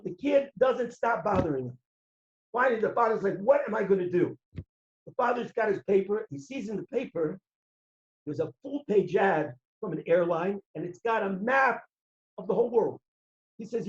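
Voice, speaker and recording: A man giving a sermon as a rabbi, an animated storyteller who acts out the voices and shouts at the high points. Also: normal speed. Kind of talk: sermon with stories. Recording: roomy, dull lo-fi recording.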